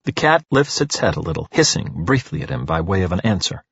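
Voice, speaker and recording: A man narrating an audiobook in an expressive, animated storytelling manner. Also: deep voice, fairly quick, breathy edge, dry recording, lo-fi sound.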